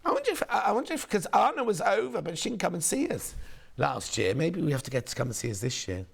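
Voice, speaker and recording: Brief: male shopping-channel host, hoarse and gravelly, lively up-and-down delivery, gossipy and rambling. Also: high voice, fast. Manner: chatty, gossipy, rambling asides. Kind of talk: casual live sales chat.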